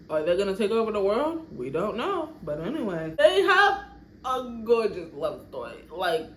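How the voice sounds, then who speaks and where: A woman in a chatty, animated storytime, narrating her life-sim game and often laughing. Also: fairly low pitch. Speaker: vlogger. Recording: echoey room, faint background noise.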